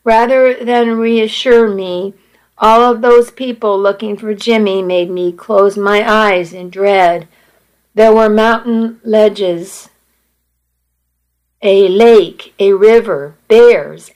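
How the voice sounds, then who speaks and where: Slow-reading woman narrator. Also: mid-range voice, darkish tone, rough recording. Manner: plain, earnest storytelling. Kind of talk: first-person story reading.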